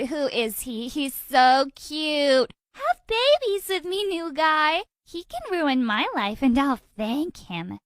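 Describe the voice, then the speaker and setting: A woman narrating a first-person animated story in a dramatic, expressive way. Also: fairly high pitch, dry recording, studio quality.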